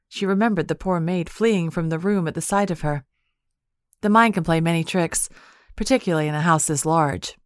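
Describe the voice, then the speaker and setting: Female audiobook narrator, measured, lowish dry voice. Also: no room sound.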